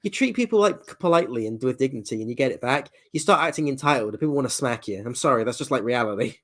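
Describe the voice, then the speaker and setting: A man chatting casually on a stream, animated, swearing freely and acting out quoted voices. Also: mid-range voice, fast talker. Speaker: nurse.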